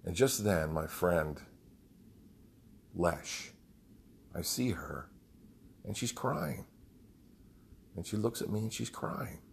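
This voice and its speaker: A man's voice: deep voice, animated, slow pace, creaky, pauses often, a little hiss or hum. A man who leads a group fitness program, telling a rambling, heartfelt story with some swearing. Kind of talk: casual storytelling monologue.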